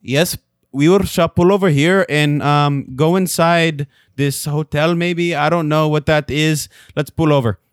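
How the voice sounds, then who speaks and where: A man's voice: a little high, fairly even intonation, unhurried, clean tone, no echo, studio quality. A man co-hosting a comedy podcast, talking in a flustered, rambling way. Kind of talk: comedy sketch and banter.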